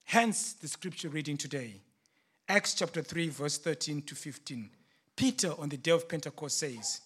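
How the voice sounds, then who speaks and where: A man preaching a sermon in a measured, earnest storytelling manner. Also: fairly high pitch, animated, fairly bright tone, husky.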